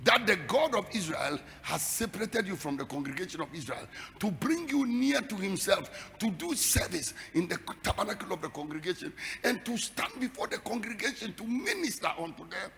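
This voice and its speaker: A man preaches a fiery sermon in a very high, lively voice, repeating phrases and building them into shouted, sing-song climaxes. His tone is bright and gravelly. Long reverb from a hall trails behind every line. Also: a little fast, a little hiss or hum. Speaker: pastor.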